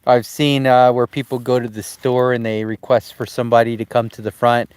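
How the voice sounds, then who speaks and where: An easygoing man chats with viewers from beside a campfire outside a remote cabin. He talks casually to his dog and answers comments as he goes, with an ordinary voice that is neither high nor low. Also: level tone, fairly quick, a little mellow, clear, resonant tone, no room sound. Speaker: vlogger. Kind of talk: casual live-stream chat.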